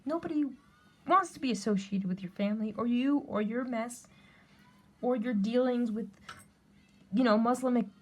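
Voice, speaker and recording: A woman's voice: fairly high pitch, moderate pace, pauses often. A woman telling a personal story in a blunt, heated, profane rant, speaking straight to the camera. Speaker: vlogger.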